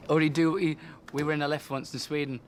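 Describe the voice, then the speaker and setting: A man's voice: fairly high pitch, little pitch movement, quick pace, a little hiss or hum. Chatty young Englishman telling stories. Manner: earnest, chatty storytelling with acted-out quotes. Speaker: best friend and tour companion. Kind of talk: casual backstage chat. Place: backstage room.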